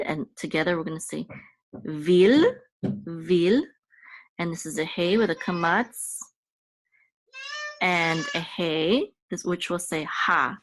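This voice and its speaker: Slow, low-voiced woman teaching a lesson. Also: fairly bright tone, dry recording. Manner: patient, explains step by step with many fillers and checks. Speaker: language teacher. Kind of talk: casual lesson walkthrough.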